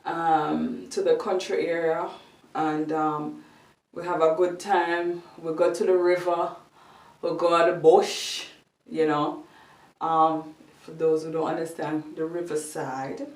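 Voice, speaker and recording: A woman vlogger casually recalling childhood holidays, pausing often with ums and likes. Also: deep voice, flat delivery, darkish tone, far from the mic. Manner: hesitant, many ums and likes. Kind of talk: casual storytelling. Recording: roomy, off-mic sound.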